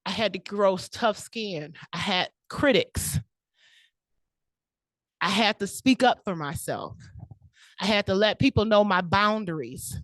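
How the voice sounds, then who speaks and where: A woman's voice: on the high side, no room sound. A woman giving a prepared, personal speech at a club meeting, laughing often and close to tears. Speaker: club speaker. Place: meeting room.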